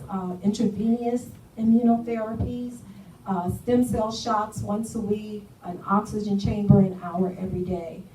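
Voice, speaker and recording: A middle-aged woman tells her personal story in earnest, voicing the people she spoke with as she goes. Her voice has a middling pitch. She sounds set back from the mic in a reverberant room with a faint hiss behind her. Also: warm tone. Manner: earnest storytelling, acts out dialogue. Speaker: guest speaker giving a testimony. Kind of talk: personal testimony talk. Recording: echoey room, from far off, faint noise.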